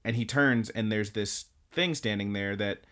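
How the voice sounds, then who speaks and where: A man's voice: lowish voice, normal speed. A man co-hosting a podcast, recapping anime episodes in casual chat and acting out the characters' lines as he tells the story. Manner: animated storytelling, acting out quotes. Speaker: podcast co-host.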